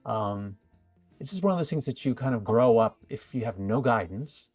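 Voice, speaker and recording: A man's voice: mid-range voice, animated, moderate pace, darkish tone, breathy edge, no echo, faint music behind. A middle-aged American man, a guest on an interview show, talking casually and rambling with fillers and restarts. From USA. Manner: chatty, rambling with fillers and self-corrections. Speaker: guest, psychic medium.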